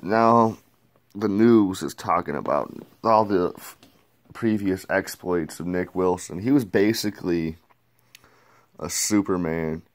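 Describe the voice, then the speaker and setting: A man's voice: sits low, slow pace. A man reviewing a movie in a casual, crude play-by-play recap. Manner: loose, crude, retells scenes in a play-by-play.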